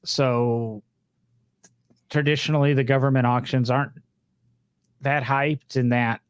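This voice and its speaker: A man's voice: mid-range voice, fairly even intonation, a little slow, clear, resonant tone, no echo. A man co-hosting a podcast, chatting casually in a rambling way with fillers and joking asides. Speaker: podcast co-host. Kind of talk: casual chat.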